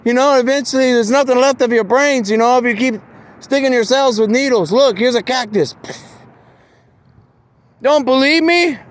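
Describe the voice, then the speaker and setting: A man's voice: very high voice, moderate pace, pauses often. A man in a meandering, casual monologue who keeps saying "man" and "you know" and acts out the voices he quotes.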